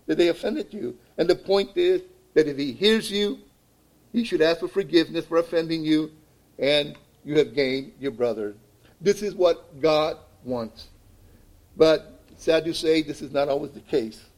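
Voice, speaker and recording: A man preaching a sermon as pastor, often pausing to ask "okay?" and repeating words as he builds a point. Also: fairly high pitch, a little mellow, poor audio. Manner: repeats "okay?" to check in with listeners.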